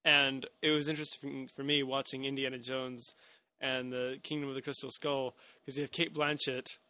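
Bright-voiced man, casual chat. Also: mid-range voice, little pitch movement, moderate pace, dry recording. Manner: hesitant, many fillers and restarts. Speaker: podcast co-host. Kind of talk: casual film discussion.

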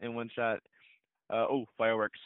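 A man talks loosely, filling his sentences with "uh" and "like" as he chats with a friend. His voice comes through a narrow, phone-like line in a dry, close room. His pitch sits in the middle for a man. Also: flat delivery, normal speed, clean tone, dry recording. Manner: rambling, with many fillers and laughs. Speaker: podcast co-host. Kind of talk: casual chat about a film trailer. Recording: dry, tinny phone-like sound.

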